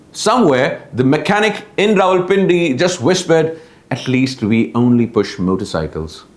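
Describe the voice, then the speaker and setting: Young Pakistani male host, Pakistani English accent, mocking comedic news delivery with constant chuckles, slightly high voice, echoey room. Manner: mocking, laughs through his own jokes. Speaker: host of a satirical news show. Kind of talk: satirical news comedy monologue.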